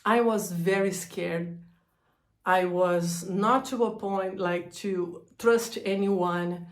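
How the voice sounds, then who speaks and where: A woman telling a personal story about a breakdown, halting and emotional, laughing through hard memories. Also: on the low side, fairly even intonation, echoey room. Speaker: energy healer sharing her story.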